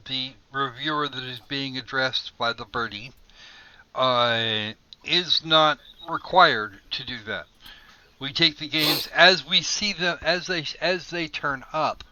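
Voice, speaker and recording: Bright, tense-voiced male podcast host. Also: mid-range voice, clear, resonant tone. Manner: loose, halting, many fillers. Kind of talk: casual panel chat. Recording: dull lo-fi mic with faint hiss.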